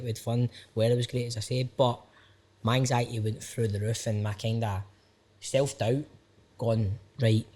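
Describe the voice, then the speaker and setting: A man's voice: mid-range voice, warm tone. A Scottish man in his thirties talks openly as a podcast guest. His delivery is loose and rambling, full of self-questioning asides and casual "aye"s. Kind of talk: candid casual conversation.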